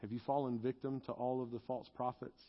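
A man's voice: medium pitch, level tone, fairly quick, lo-fi sound. A male pastor preaching a sermon and leading a closing prayer, earnest and confessional, at times rising into fervent pleading.

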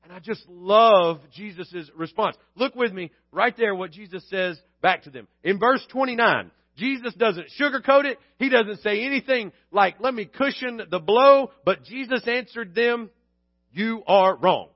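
A man's voice: high voice, moderate pace, few pauses, no room sound, dull audio. A man preaching a sermon in a conversational way, acting out quoted lines with humor. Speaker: pastor.

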